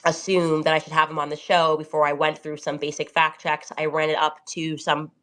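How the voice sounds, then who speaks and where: Low-voiced woman thinking aloud. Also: level tone, a little fast, fairly bright tone. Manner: thinking aloud, hesitant with fillers. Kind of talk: casual talk.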